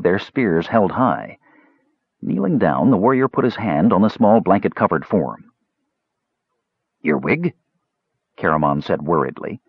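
A man narrates a fantasy novel with expressive, lively storytelling. His voice sits low and husky, recorded dry and close. The audio has a dull, lo-fi character. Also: no echo.

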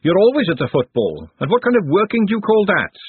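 A man voicing a bossy, sharp-tongued woman cook who scolds briskly, heard over a tinny phone-like line. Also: fairly high pitch, sing-song, breathy edge, dry recording, voice pushed up, exaggerated voice. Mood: scolding.

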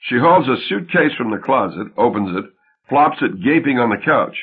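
Husky guy reading an audiobook, lots of pitch movement. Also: expressive, normal speed. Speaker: audiobook narrator. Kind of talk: audiobook narration. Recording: tinny phone-like sound.

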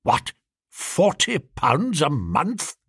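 A man's voice: mid-range voice, very animated, a little slow, fairly bright tone, dry recording, clean studio sound, exaggerated voice. A man voicing a grumbling, stingy old English duke who complains about prices. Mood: aghast.

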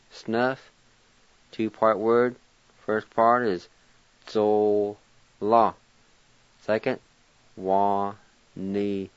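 Slow patient man spelling out words. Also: fairly low pitch, clear, resonant tone, no room sound, highs cut off. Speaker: language teacher and radio host. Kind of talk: slow spelling and pronunciation lesson.

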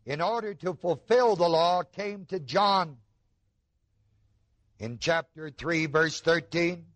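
A man delivers a sermon in a fairly high voice, taking his time and leaning hard on key words. He pauses to ask his listeners rhetorical questions. The recording is dry, with almost no room sound. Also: a bit bright, dry recording. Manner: slow, emphatic preaching with rhetorical questions to the audience. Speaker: preacher.

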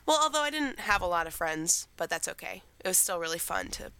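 A woman's voice: on the low side, sing-song, a little fast, hardly any pauses, background noise. A teenage girl co-hosting a podcast, chatting in a rambling way about her week while getting over a cold. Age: teens. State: recovering from a cold. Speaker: podcast co-host. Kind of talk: casual chat.

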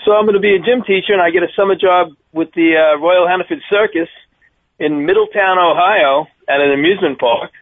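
Fifties man, thick Long Island accent, animated phone-in guest, phone audio. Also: sits high, fairly quick, no echo. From Long Island, New York. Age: 50s. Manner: chatty, animated storyteller. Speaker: circus daredevil performer, guest. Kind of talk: phone-in interview. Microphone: telephone. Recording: tinny phone line.

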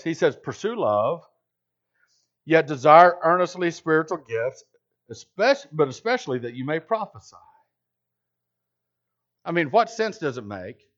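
Pastor guy preaching, lively up and down voice, kinda dull lo-fi sound. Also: medium pitch. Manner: animated, rhetorical questions, emphatic. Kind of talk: sermon. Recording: slightly dull lo-fi recording.

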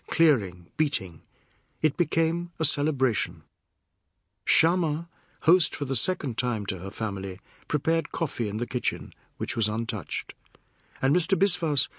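Husky male audiobook narrator. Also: mid-range voice, no echo, studio quality. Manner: measured, steady storytelling. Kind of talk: scripted narration.

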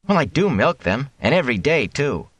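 A man reading an audiobook, voicing an eager, restless young village man who talks in an excited, pushy way. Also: medium pitch, normal speed, slightly rough, no room sound, pitched above the performer's own voice. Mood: defensive. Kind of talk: audiobook character voice.

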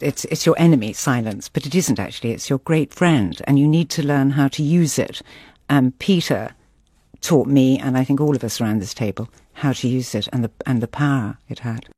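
A man's voice: mid-range voice, moderate pace, darkish tone, slightly rough, dry recording. A man, a former colleague, reminiscing earnestly at a round table.

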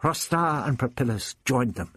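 A man reading an adventure story aloud as narrator, steady and measured. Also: mid-range voice, breathy edge, no room sound. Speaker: audiobook narrator. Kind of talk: scripted narration.

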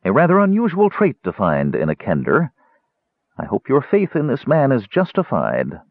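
Guy putting on a gentle stern cleric, formal talk, tinny dry sound. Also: medium pitch, wildly swooping pitch, moderate pace, no echo, pitched above the performer's own voice. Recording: tinny narrow-band audio.

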